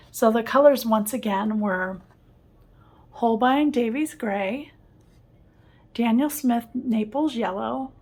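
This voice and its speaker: A woman's voice: medium pitch, husky. Cheerful woman teaching watercolor painting. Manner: warm, enthusiastic, often laughing softly. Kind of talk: casual painting tutorial. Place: home art studio.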